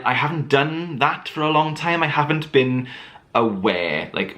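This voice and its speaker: A man's voice: lowish voice, fairly bright tone. A man chatting to camera as a book vlogger, rambling with lots of fillers and restarts. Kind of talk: casual chat to camera.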